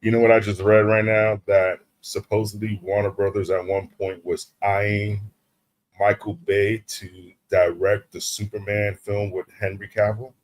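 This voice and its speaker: A man's voice: fairly low pitch, little pitch movement, a little slow, poor audio. A man in a casual stream chat, passing along bits of news he has read.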